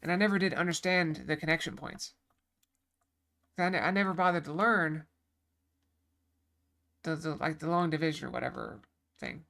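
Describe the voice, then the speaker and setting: A woman's voice: low voice, normal speed, creaky, long pauses, a bit bright. A woman game streamer talking casually on a live stream, rambling with lots of fillers and restarts, from a home setup.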